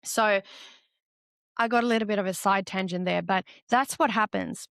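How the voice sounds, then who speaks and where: A woman's voice: mid-range voice, moderate pace, no room sound, clean studio sound. A woman hosting a solo motivational podcast, talking candidly and animatedly and swearing freely. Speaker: podcast host.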